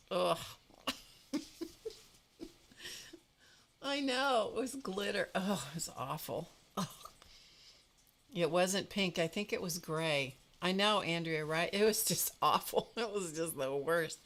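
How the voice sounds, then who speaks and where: Slow-talking woman live-stream host. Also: on the low side. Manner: animated storytelling, greets viewers by name, frequent laughs. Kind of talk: casual live-stream chat.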